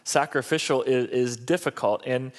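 A man's voice: mid-range voice, moderate pace. A middle-aged man preaching a sermon as a pastor, talking in a conversational, humorous and repetitive way.

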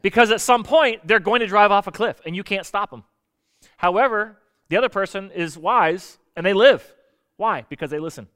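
Male preacher, slightly high and smooth voice, chatty sermon delivery that slips into quoted voices. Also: moderate pace. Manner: conversational and lively, acting out quoted voices; explaining Bible verses with everyday examples.

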